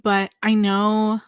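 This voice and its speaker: A smooth, medium-pitched young female voice comes through a dry lavalier recording. She's a podcast guest relating her personal story, full of animation, gesturing hands, and impersonations of those she quotes.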